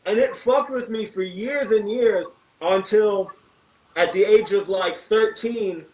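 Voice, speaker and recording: A man's voice: high-pitched, slow pace, a little mellow, lo-fi sound. A man talking about a childhood horror memory in casual chat, swearing as he goes. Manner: profane, earnest storytelling. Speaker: guest musician. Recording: roomy call audio from far off.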